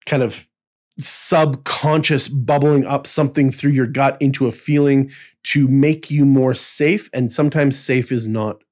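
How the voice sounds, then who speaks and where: A man's voice: medium pitch, fairly even intonation, unhurried, a little mellow. A man co-hosting a podcast in casual chat, earnest and rambling with frequent restarts. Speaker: podcast co-host.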